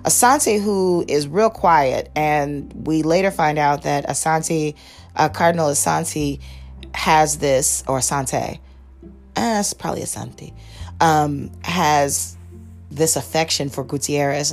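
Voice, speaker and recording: A woman with a notably low voice talks through a TV series on her podcast, rambling and correcting herself as she goes. Faint music plays underneath. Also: measured pace, vocal fry. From United States. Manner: rambling, lots of fillers and self-corrections. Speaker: podcast host. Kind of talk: casual rambling review.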